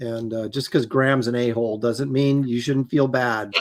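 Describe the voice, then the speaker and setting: A man's voice: mid-range voice, fairly even intonation, normal speed, darkish tone. A man co-hosting a livestream, chatting casually and rambling through his points while quoting dialogue. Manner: rambling, restarts often, quotes dialogue. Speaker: podcast co-host.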